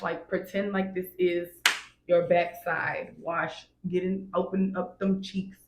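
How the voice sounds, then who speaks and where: A woman's voice: fairly low pitch, level tone, takes it slowly, background noise. A woman vlogger giving hygiene tips in a casual, blunt, insistent way, often checking in with "all right?". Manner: emphatic, repeats "all right?" and "wash, wash". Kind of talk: casual instructional vlog. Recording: echoey room, faint ambience.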